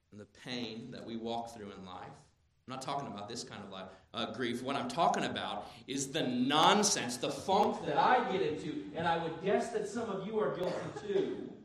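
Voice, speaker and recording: A man in his thirties preaching a sermon as pastor, animated, moving between quiet asides and loud emphatic bursts. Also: mid-range voice. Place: church sanctuary. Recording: very echoey church hall.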